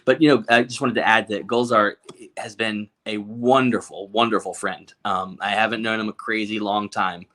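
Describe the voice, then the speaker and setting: A man's voice: on the low side, steady tone, moderate pace, a bit bright. A man as a podcast guest, talking candidly in casual conversation, joking and restarting his sentences often.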